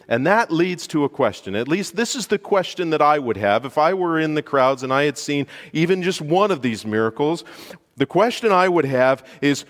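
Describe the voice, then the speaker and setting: A man preaching a sermon, telling a story with lively emphasis, rising loud at key points and dropping to near quiet for dramatic moments. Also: on the high side, normal speed. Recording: long hall reverb.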